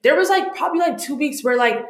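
A woman's voice: high-pitched, quick pace, echoey room. A woman in her twenties, a law student guest, telling her story candidly and animatedly in a casual interview. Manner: candid, animated storytelling, talks to herself in quotes.

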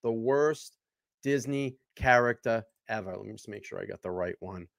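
A man's voice: lowish voice, moderate pace, creaky, no room sound, clean studio sound. A man hosting a livestream casually, reading out donations and introducing clips. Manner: easygoing, reads donations aloud. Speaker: livestream host.

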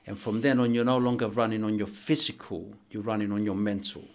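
A middle-aged man, a guest on a podcast interview, telling a personal story in an earnest, halting way with many restarts. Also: lowish voice, steady tone. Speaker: archbishop and boxing coach, guest.

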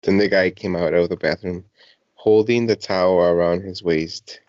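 A man's voice: low-pitched, fairly even intonation, moderate pace, a little mellow, no room sound, dull audio. A young man co-hosting a casual podcast, teasing and incredulous as he talks with friends. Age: young adult. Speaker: podcast co-host.

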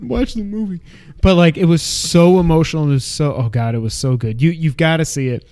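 A man's voice: on the high side, brisk, a little mellow, clean tone. A man co-hosting a podcast, gushing and rambling in casual chat. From Canada. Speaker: podcast co-host.

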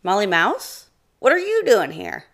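A woman's voice: medium pitch, wildly swooping pitch, measured pace, a bit bright, pitched above the performer's own voice, exaggerated voice. A woman voicing a sleepy, grumpy male black bear who talks in a drowsy, skeptical way.

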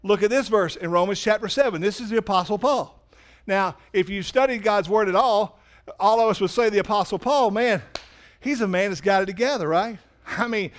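A man preaching a sermon in a church, animated, swinging from loud emphasis to quiet asides. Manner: animated preaching, rises loud for emphasis then drops low. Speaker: pastor. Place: church sanctuary.

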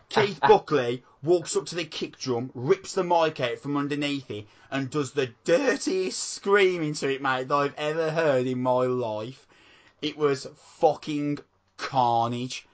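A man co-hosting a podcast, chatting excitedly and swearing constantly. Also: a little high, a little slow. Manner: excitable, swears a lot, calls people mate. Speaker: podcast co-host. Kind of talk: casual chat.

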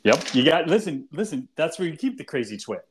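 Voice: mid-range voice, sing-song, fairly quick, slight background noise. A podcast co-host in casual chat who keeps chiming in with agreement and makes emphatic points.

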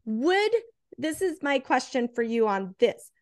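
A woman's voice: sits high, very animated, unhurried. A woman co-hosting a casual movie review chat while drinking. She is inquisitive and keeps posing theories and questions about the story. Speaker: podcast co-host.

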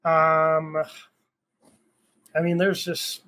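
A man's voice: a little high, completely flat delivery, drawn-out words, bright, forceful tone, poor audio. A young man talking as a podcast guest in a casual, rambling way, with fillers and swearing. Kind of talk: casual chat.

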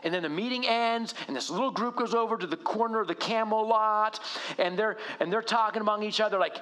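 A middle-aged male pastor preaching in a conversational, animated way, often asking rhetorical questions. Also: sits high, fairly quick. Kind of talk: sermon.

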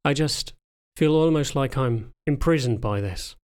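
Man reading as a timid young pregnant furry woman, soft, trembling, hesitant, storybook. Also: mid-range voice, unhurried, lightly acted. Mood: fearful, subdued. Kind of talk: audiobook dialogue reading.

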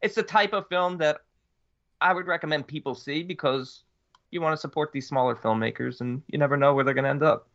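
A man co-hosting a podcast, teasing and animated in casual chat. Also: on the high side, brisk. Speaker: podcast co-host. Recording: muffled lo-fi audio.

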